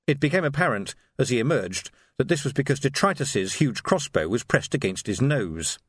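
A man narrating an audiobook with a lively, expressive reading. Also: mid-range voice, moderate pace, breathy edge, no room sound, studio quality.

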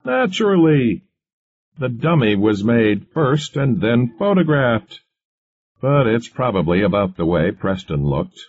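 A man's voice: sits low, animated, unhurried, warm tone, breathy edge, heavily acted. A man voicing an intense, brooding male scientist who speaks abruptly and impatiently. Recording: muffled lo-fi recording.

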